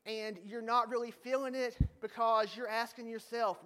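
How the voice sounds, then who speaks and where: High-voiced male pastor, casual storytelling sermon delivery. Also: level tone, moderate pace, hardly any pauses, sharp tone. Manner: storytelling, joking with the congregation.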